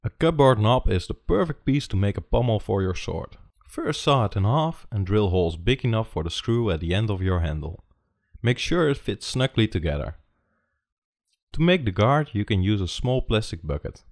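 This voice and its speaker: A man with a Dutch accent giving steady step-by-step instructions in a scripted how-to narration. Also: lowish voice, normal speed. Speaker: tutorial host.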